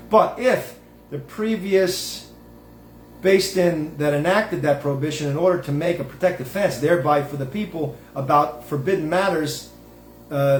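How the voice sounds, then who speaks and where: A man's voice: fairly high pitch, darkish tone, echoey room, a little hiss or hum. A man hosting his own show, giving a digressive religious monologue in a folksy, self-interrupting way. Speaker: host.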